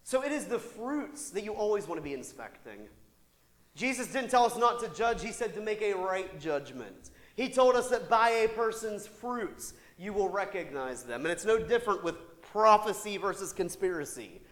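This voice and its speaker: A male pastor delivers a sermon in a church sanctuary. His pitch swings all over as he preaches, lively and conversational, with quick asides to the congregation. A long, lingering hall reverb trails every phrase. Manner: animated, with rhetorical asides and laughter.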